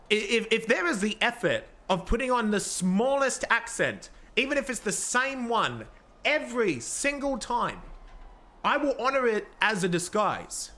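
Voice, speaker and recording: A man streaming a police role-play game, talking excitedly and rambling with swearing and frequent restarts. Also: sits high. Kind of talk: live-streamed gameplay commentary.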